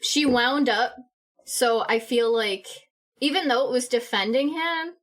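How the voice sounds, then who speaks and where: A woman's voice: on the high side, unhurried. A woman playing a tabletop role-playing game, talking casually with frequent laughs and fillers. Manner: giggly, hesitant, many fillers. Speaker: player. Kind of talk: tabletop role-play chat.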